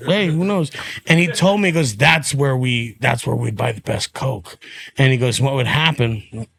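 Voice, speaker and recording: A man's voice: mid-range voice, moderate pace, creaky, fairly bright tone, slightly rough. A young man telling stories in a casual podcast chat. He acts out the voices of the people he quotes and laughs often. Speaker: guest comedian.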